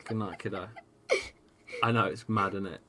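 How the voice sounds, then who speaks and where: A man's voice: lowish voice, moderate pace, a crowd in the background. A man hosting a live football watchalong stream, ranting at the match, swearing and reading out viewers' chat. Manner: excitable, swears freely, rants at the match; reads out viewers' chat messages.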